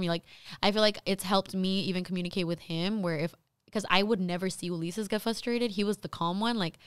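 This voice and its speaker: A woman's voice: medium pitch, steady tone, a little fast, clean tone, dry recording. Young woman co-hosting a chat podcast, talkative, laughs easily, dry close sound. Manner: chatty, laughs often, says "like" a lot. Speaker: podcast co-host, mother. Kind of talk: casual chat.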